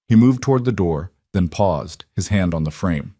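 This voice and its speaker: Low-voiced male storybook narrator. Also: lively intonation, moderate pace, few pauses, dark tone, no room sound, clean studio sound.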